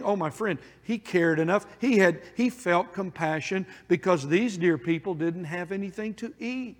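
A man's voice: high voice, normal speed, few pauses. A man preaching a sermon in an earnest, pleading way, with emphatic repeated phrases. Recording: long hall reverb.

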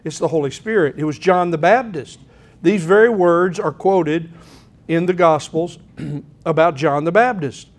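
A middle-aged man preaching a sermon in an earnest, folksy way, often clearing his throat. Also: fairly high pitch, a little slow. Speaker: pastor.

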